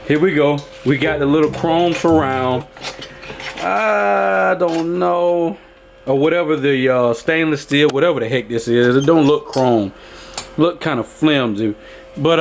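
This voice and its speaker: Man, vlog host in a garage, easygoing and rambling, slightly high voice, music playing underneath. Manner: laid-back, rambling, keeps addressing viewers with "y'all" and "man". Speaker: YouTube channel host fixing up his pickup. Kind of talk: casual chatty vlog. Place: home garage. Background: background music.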